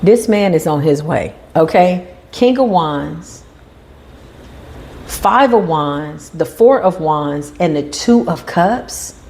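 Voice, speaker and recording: Expressive woman reading tarot cards. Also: low-pitched, slow pace. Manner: animated, emphatic, acts out quoted voices. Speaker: tarot reader.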